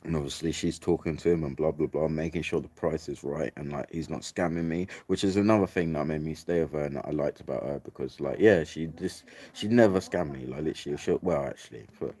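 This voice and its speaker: Young man, very low voice, casual rambling storyteller, swears a lot. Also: quick pace, a little mellow, husky. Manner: sweary, rambling, repeats "like, literally" and "mate".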